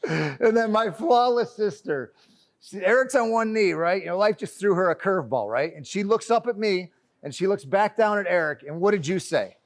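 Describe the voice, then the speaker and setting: A man with a high, bright-sounding speaking voice delivers a lively motivational keynote from a conference stage. He jokes with the crowd and keeps calling them friends. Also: normal speed. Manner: energetic and joking, addresses the crowd as friends. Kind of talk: motivational talk to a live audience.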